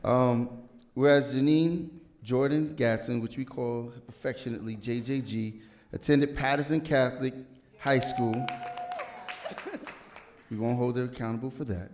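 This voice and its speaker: A man's voice: mid-range voice, fairly even intonation, measured pace, pauses often, noisy background. A man, a city councilman, reading an award proclamation at a civic ceremony and breaking it up with joking asides to the audience. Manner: joking, warm-hearted emcee patter between formal reading.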